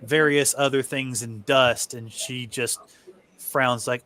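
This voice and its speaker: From a home setup on an online stream, a man acts as game master for a tabletop game, narrating in a laid-back, easygoing way. His voice is medium-pitched, steady, slow and a bit bright.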